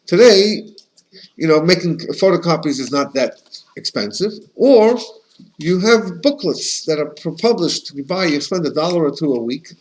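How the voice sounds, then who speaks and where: A man's voice: a little high, normal speed, rough recording. A rabbi teaches his class in a loose, storytelling way, his voice sitting a bit above the usual male range. He keeps breaking off and restarting sentences and sprinkles his talk with Yiddish and Hebrew words. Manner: chatty and anecdotal, with frequent restarts; animated, with Yiddish and Hebrew terms. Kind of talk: casual conversational lesson.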